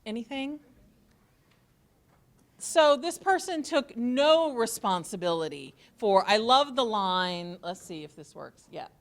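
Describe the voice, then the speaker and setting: A woman's voice: on the high side, a bit bright. A woman college instructor giving an orientation talk to students, joking and sarcastic as she goes.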